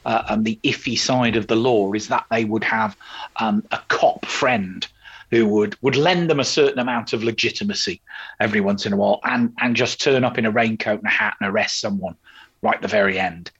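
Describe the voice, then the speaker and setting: A man co-hosts a podcast about old television, chatting casually and rambling with plenty of fillers and restarts. His voice sits fairly low and moves fairly quickly, with a fairly bright, husky tone, and the audio sounds dull.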